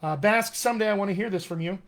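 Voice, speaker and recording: A man's voice: high-pitched, racing. A man coaching accents in a live online session, demonstrating sounds and reading viewer comments with eager energy. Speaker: dialect coach.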